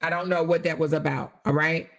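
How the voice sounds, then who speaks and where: A woman's voice: sits low, fairly even intonation, a little fast, gravelly. A woman hosting a commentary vlog who reads text messages aloud, with blunt, profane, sassy asides. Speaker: host.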